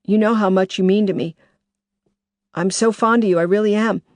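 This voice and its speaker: A woman voicing a smooth-talking man who apologizes on the phone, in a raised, pleading way. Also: mid-range voice, fairly even intonation, normal speed, dry recording, close to an everyday voice.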